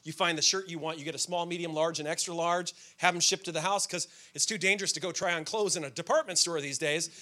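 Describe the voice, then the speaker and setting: A man preaching a sermon as pastor, telling everyday stories with sudden shouted outbursts. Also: fairly high pitch, fast, hardly any pauses.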